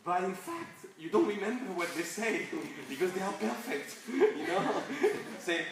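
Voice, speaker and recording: A man's voice: high-pitched, big pitch swings, a little slow, vocal fry, background noise. A man with a French accent giving a chatty workshop talk, full of fillers, restarts and laughs. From France. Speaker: guest speaker. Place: event hall with audience. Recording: echoey hall from far off, audience.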